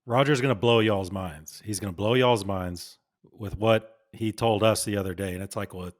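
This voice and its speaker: Teasing low-voiced podcast man. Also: normal speed. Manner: teasing, playful storyteller. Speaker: podcast co-host. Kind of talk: casual political chat.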